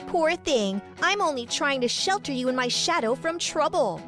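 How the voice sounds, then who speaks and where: A woman's voice: high voice, expressive, normal speed, music in the background. A woman voicing a scheming teenage girl who talks with sweet condescension. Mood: sugary. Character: scheming teenage girl, sugary and falsely kind.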